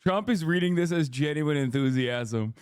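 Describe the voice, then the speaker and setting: A man's voice: fairly high pitch, expressive, normal speed, clean tone, no echo, studio quality. A man in his thirties streaming his reactions to a video, mocking it sarcastically and swearing freely. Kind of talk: casual mocking commentary.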